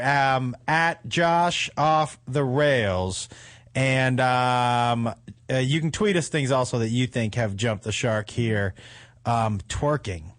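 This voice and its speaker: A man hosting a talk show, telling comic stories in a profane, animated way and laughing through them. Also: mid-range voice. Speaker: host. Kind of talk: comedic storytelling on a talk show.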